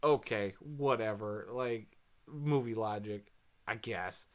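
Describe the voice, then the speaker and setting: A man's voice: on the low side, slow pace. A man hosting a casual movie review, rambling and sarcastic, full of fillers, sighs and laughs.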